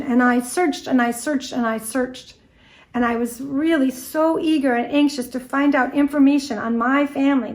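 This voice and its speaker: A middle-aged American woman giving a lively storytelling talk about a research trip, acting out bits of dialogue as she goes. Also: high-pitched. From United States. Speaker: guest speaker on antique doll history. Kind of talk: storytelling presentation.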